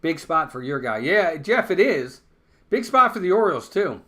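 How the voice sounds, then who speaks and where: A man calling a live baseball game play-by-play, conversational and quick to get worked up over big plays and errors. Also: fairly high pitch. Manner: conversational, excitable on big plays, blunt criticism. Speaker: fan play-by-play commentator.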